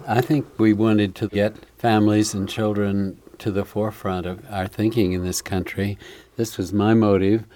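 An older man answering as a guest expert in a relaxed, friendly way. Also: on the low side.

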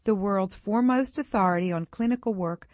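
A woman co-hosting a radio show, reading a formal guest introduction in a crisp manner. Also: medium pitch, brisk, a little mellow, dry recording.

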